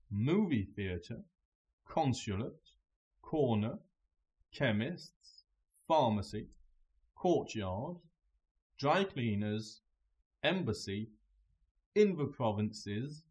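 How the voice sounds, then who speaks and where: A man reading English vocabulary lists word by word, pausing after every word in a measured delivery. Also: medium pitch. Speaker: language teacher.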